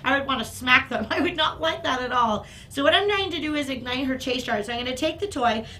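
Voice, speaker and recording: A woman dog trainer explaining and demonstrating toys, breaking into excited praise for her dog. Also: fast talker, slight background noise. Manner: upbeat, bursts into high excited praise for the dog.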